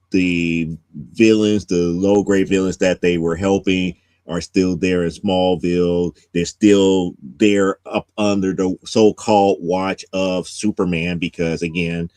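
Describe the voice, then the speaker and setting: A man's voice: sits low, fairly even intonation, slow, a little mellow, smooth, dry recording. A man hosting a casual comics podcast, giving a rambling plot recap with many restarts. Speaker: podcast host.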